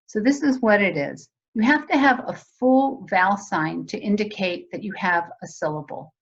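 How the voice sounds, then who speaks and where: Woman presenter, mid-pitched, walks teachers through a method on a slightly muffled video call. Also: lively intonation, moderate pace, breathy edge. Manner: conversational, explanatory, asks audience questions. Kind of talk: virtual teacher training webinar.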